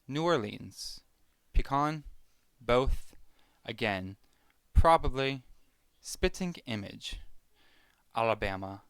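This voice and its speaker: A young man talks casually to the camera, stopping to correct himself as he goes. His voice is smooth and clear, at an ordinary pitch for a man, and the sound is dry and close. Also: lively intonation, slow pace, no echo. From Pennsylvania, USA. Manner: chatty, self-correcting. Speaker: vlogger. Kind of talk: casual vlog word-list reading.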